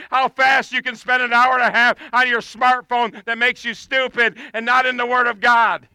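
A male preacher with a very high, piercingly bright voice, delivering an impassioned sermon outdoors. His tone is smooth and clear, the sound close and dry, and he swells into pleading shouts. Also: steady tone, normal speed, no echo.

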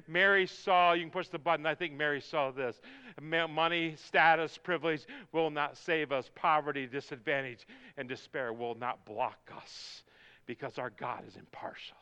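A male pastor preaching a sermon, building from quiet talk to shouted, soaring lines. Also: a little high, steady tone, normal speed, smooth, highs cut off.

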